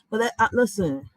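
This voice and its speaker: A woman with a medium-pitched, slightly rough voice offers casual reaction commentary as a vlogger, telling stories bluntly, profanely and with animated emphasis. The recording is rough but has no echo.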